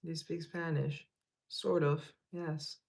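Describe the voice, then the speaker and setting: His voice sits on the high side, gravelly and level, moving at a slow pace. As a livestream host he reads viewers' comments aloud, rambles in a laid-back way, and laughs at himself.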